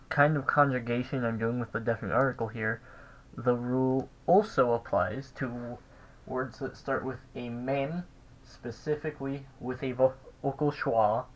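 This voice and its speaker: A man giving a casual recorded language lesson, thinking aloud with pauses and restarts. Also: mid-range voice, muffled recording. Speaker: language teacher.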